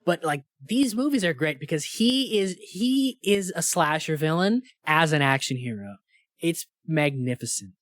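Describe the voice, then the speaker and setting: A man's voice: a little high, lively intonation, unhurried, a bit bright, dry recording. A laid-back man co-hosting a movie podcast, retelling scenes with easy enthusiasm and casual swearing. His voice comes across close and dry, with no room sound. He keeps a loose, chatty rhythm full of fillers. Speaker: podcast co-host. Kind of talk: casual movie review chat.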